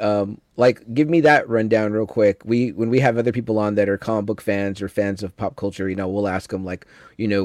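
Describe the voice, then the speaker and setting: A man's voice: fairly low pitch, a little mellow, no echo. Laid-back male podcast host, dry sound. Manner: laid-back, reads viewer chat aloud, many fillers. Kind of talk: casual podcast chat.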